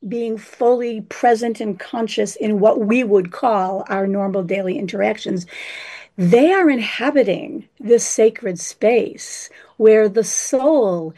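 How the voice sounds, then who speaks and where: A woman's voice: mid-range voice, slow, dark tone. A woman explaining dreams in a flowing, spiritual way, using terms like hypnagogic and sacred space. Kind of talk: reflective explanation.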